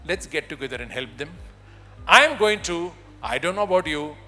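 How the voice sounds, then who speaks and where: A man with an Indian English accent giving an animated, demonstrative conference talk on voice and communication, with touches of humor. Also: fairly high pitch, normal speed. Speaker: voice and communication trainer. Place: large event hall. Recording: hall with long reverb, faint music.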